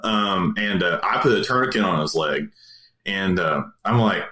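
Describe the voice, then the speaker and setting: A man's voice: low-pitched, lively intonation, normal speed, pushed and bright. A man, a police officer, telling a story in a casual, rambling way with many fillers and restarts. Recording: roomy echo.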